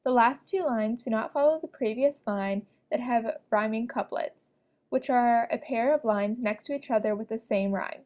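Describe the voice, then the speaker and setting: A woman reading a prepared script, presenting an educational narration in an even, explanatory way. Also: fairly high pitch, moderate pace, dull audio.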